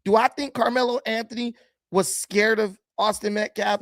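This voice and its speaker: A man's voice: high-pitched, steady tone, normal speed, dry recording. A man giving blunt, combative commentary while reacting to video clips, often mocking the people he watches. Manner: blunt, combative and mocking, with sudden swings in loudness.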